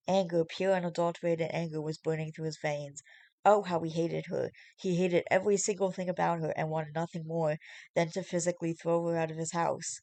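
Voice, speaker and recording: Give me a woman reading fan fiction aloud to a webcam, with casual, chatty asides. Her voice sits a little low. The sound is dry and close. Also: flat delivery, brisk, dark tone, dry recording. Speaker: story reader.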